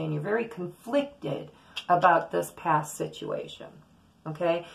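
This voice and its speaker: A woman with a slightly low, gravelly voice reads tarot cards for her viewers. She talks in a loose, chatty way, drifting from thought to thought as her intuitions come to her. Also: slight background noise, poor audio. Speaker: tarot reader. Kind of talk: casual daily tarot reading to camera.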